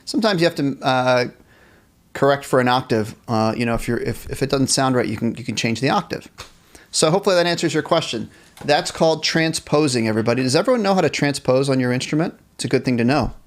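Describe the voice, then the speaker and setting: A man with a medium-pitched, animated voice teaches a live online band class at a quick pace, cheerfully reading chat questions aloud and encouraging his students.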